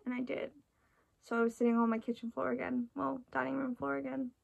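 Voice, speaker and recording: A woman's voice: high voice, little pitch movement, brisk, creaky. A woman chatting in a casual, rambling way, full of restarts and "like", sounding tired and emotional. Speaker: vlogger reacting to an album.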